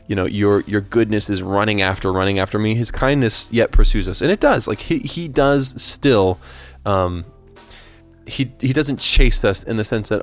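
Earnest, low-voiced man explaining. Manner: thoughtful and earnest, with frequent restarts and tag questions. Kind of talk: casual explanation of hymn lyrics and faith.

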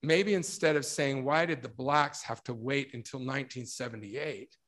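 A middle-aged man giving a religious talk, telling a story and acting out the quotes with lively emphasis. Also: medium pitch, moderate pace. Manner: storytelling, animated, acts out quotes. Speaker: speaker.

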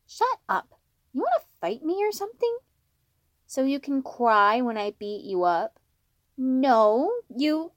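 A woman voicing a hot-tempered small boy in a storybook reading, pitched high. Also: big pitch swings, takes it slowly, dry recording, clean studio sound, heavily acted. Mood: angry.

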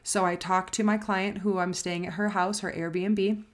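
A woman's voice: medium pitch, little pitch movement, unhurried. A woman life coach talking straight to camera in a personal vlog, earnest and reflective, repeating phrases for emphasis and sounding close to tears. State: emotional, near tears.

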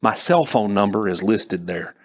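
A male narrator puts on a good-natured Texan embassy official with a broad Southern drawl. He speaks in a jovial, friendly manner, his voice leaping higher in moments of reassurance, over a slightly husky timbre. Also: lively intonation, a little slow. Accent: Southern US, Texas.

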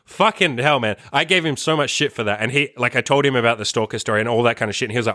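Bright-voiced man telling a story. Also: medium pitch, very fast, hardly any pauses, dry recording, clean studio sound. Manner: animated, frequent swearing and fillers. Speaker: podcast host. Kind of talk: casual storytelling.

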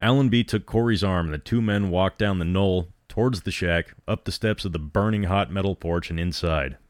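A man's voice: moderate pace, no room sound, clean studio sound. A man reading a story aloud, narrating and voicing each character in turn. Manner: reads all characters in a low steady voice. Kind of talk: scripted narration.

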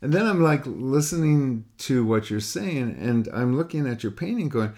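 Medium in pitch and mellow, this man speaks at normal speed with lively intonation and hardly any pauses while critiquing a student's painting over a call. He rambles casually, repeating himself and acting out what students say in different voices.

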